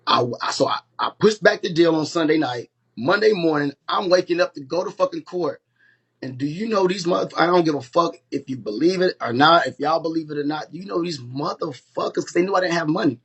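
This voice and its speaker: Man, husky and fairly high voice, live-stream storyteller, heated and profane. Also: fairly quick. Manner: heated, profane, emphatic retelling.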